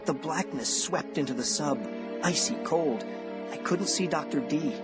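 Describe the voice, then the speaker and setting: A man giving suspenseful first-person audiobook narration in a slow, expressive delivery, over background music. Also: a little high. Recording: music bed under narration.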